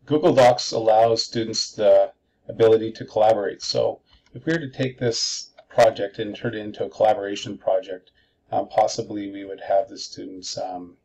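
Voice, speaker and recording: A man's voice: on the low side, fairly even intonation, moderate pace, a little mellow, dull audio. A male teacher giving a screencast tutorial, explaining methodically step by step.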